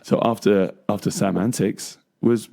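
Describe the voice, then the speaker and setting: A young Englishman co-hosting a casual chat, telling stories in a rambling way with plenty of fillers and laughter. His low voice is gravelly and husky, with a dark, mellow tone. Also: fairly even intonation, measured pace. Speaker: co-host.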